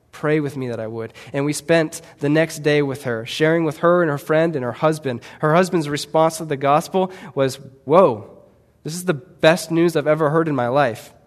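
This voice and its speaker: A man preaching a sermon to his church, earnest and building to fervent emphasis as he tells a missionary story. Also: a little high. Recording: long reverb of a large hall.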